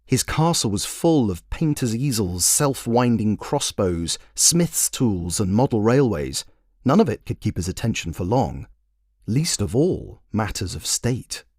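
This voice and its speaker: A man's voice: fairly low pitch, very animated, unhurried, darkish tone, slightly rough, dry recording, studio quality. A man narrating a fairy tale he wrote, in a wry, playful storytelling manner. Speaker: storyteller and author.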